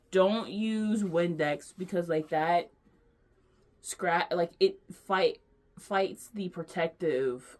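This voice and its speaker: Low-voiced woman chatting in a ramble. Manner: rambling, chatty, lots of fillers and restarts; gushing, affectionate. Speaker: vlogger. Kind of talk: casual chat.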